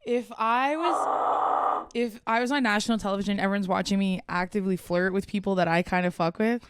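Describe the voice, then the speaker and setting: A young woman with a smooth, clear voice chats on a podcast in a relaxed, slangy way. She rambles and laughs along with her co-host. The mic is close, and the room is dry. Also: medium pitch, brisk, no room sound. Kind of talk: casual chat.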